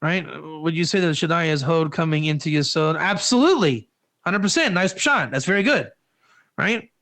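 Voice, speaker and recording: A man with a high, bright voice gives an informal Torah class. He rambles from point to point and keeps throwing in rhetorical questions. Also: expressive, moderate pace. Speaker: Torah teacher.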